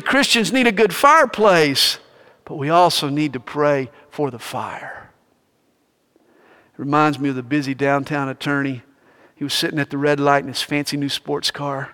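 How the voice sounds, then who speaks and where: A male pastor preaching a sermon, telling stories with animated energy. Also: on the high side, clear, resonant tone, big-room sound.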